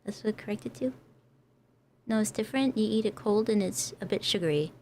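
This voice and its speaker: A woman's voice: mid-range voice, fairly quick, darkish tone. Giggly american lady chatting on her vtuber stream, laughs a lot, bit of background noise. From United States. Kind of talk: casual livestream chat.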